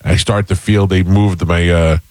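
Male host, low voice, dry close sound, rambling anecdote style. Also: fairly even intonation, a little slow, a little mellow, dry recording, low-quality recording. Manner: rambling storyteller, many fillers and restarts. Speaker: podcast host. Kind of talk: casual chat.

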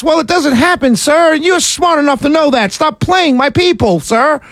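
Talk radio host, male, fiery ranting delivery, very high gravelly voice, dry close studio mic. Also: normal speed, dry recording. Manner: passionate, often yelling, with sarcastic asides. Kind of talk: political talk radio monologue. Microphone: studio mic right in front of him.

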